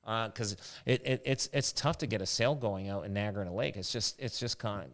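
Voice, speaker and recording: A man's voice: on the low side, fairly quick, fairly bright tone. A man, a realtor hosting a casual podcast chat, telling rambling anecdotes.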